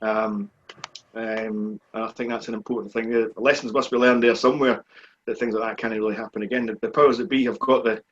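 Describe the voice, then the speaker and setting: Husky Scottish man recalling his racing days. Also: on the low side, fairly quick. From Scotland. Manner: relaxed, plain-spoken reminiscing. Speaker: guest, speedway rider. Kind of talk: live online chat. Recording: dull, muffled lo-fi stream audio.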